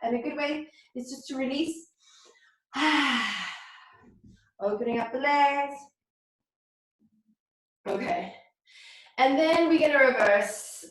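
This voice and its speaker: A woman teaching a beginners yoga class, calmly cueing poses and breathing, somewhat out of breath. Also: sits high, measured pace, pauses often. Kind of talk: guided yoga class instruction. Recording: very echoey room, voice from far off.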